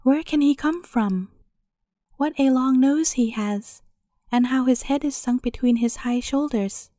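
A jeering townsperson in a crowd, as a woman puts it on while reading. The voice is raised and dark-toned and mocks. The recording is dry. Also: high voice, a little slow, dry recording. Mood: mocking. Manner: mocking, gawking.

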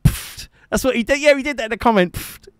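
Chatty high-voiced man streaming. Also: fast, faint music behind. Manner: chatty, teasing, jokey, fond asides. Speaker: live-streaming guitarist and host. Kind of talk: casual chat to a live stream audience. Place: home streaming setup.

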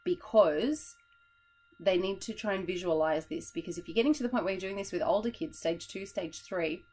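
Chatty, tired teacher woman, low voice. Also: moderate pace, darkish tone, rough recording. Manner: chatty, demonstrates classroom voices, laughs at herself. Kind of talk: teacher explaining a classroom method.

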